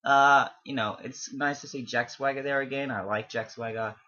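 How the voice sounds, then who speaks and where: A man's voice: mid-range voice, fairly even intonation, moderate pace, sharp tone. A young man, not from America, casually rambling through his wrestling predictions with lots of fillers and self-amused asides. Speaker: wrestling fan vlogger. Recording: dull lo-fi home recording.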